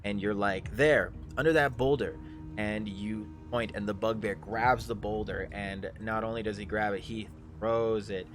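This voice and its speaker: A man narrating a live tabletop game as game master, pausing often with ums and uhs. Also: on the low side, flat delivery. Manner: halting, full of ums and uhs.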